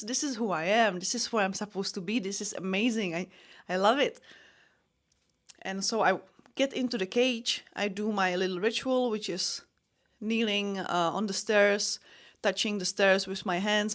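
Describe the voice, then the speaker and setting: A young adult woman with a medium-pitched voice, who is both a podcast host and an MMA fighter, tells a personal story. She's candid and self-deprecating and frequently restarts her sentences.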